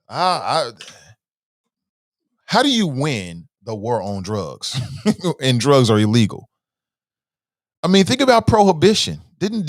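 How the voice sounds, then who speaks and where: A man hosts a casual livestream show at a middle pitch, reading viewer comments aloud and stressing words as he argues. His talk is loose and animated. The recording sounds dry and close, with no room echo. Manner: conversational, reads viewer comments aloud, often starts with "uh".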